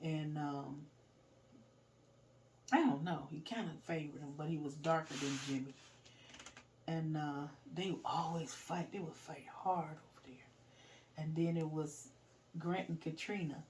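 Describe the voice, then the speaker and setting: A middle-aged woman casually telling a story, animated, laughing and swearing as she goes. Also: deep voice, a little slow, pauses often, recorded from a distance, a little hiss or hum.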